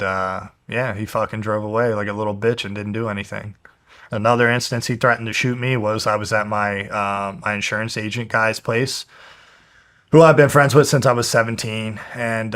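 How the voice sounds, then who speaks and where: A lowish-voiced pro fighter in his twenties from New Jersey, USA, appears as a guest telling a personal story. He's candid and animated, swears heavily and acts out the voices of the people he quotes.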